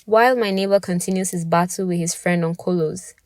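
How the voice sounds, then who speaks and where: Young female storyteller, low pitch, dry close sound, dramatic and intimate. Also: level tone, fairly quick, darkish tone, no echo. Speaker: podcast narrator. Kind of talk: first-person scripted story narration.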